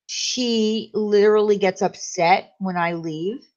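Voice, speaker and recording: A woman's voice: medium pitch, slow pace, a little mellow. A woman chatting casually as a guest, telling rambling stories with many fillers. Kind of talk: casual chat. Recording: dull lo-fi sound.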